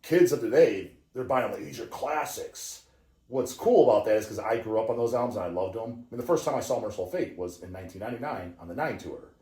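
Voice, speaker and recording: Profane, excitable man in a roomy space. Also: fairly low pitch, fast, few pauses. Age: around 40. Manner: profane, excitable ranting storyteller. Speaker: podcast host. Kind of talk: casual chat. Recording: roomy echo.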